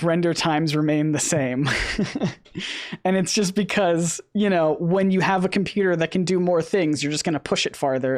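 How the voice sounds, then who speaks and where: A man hosting a casual live stream, talking in a rambling way with many restarts, his voice a little worn. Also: a little high. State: losing his voice. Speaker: host.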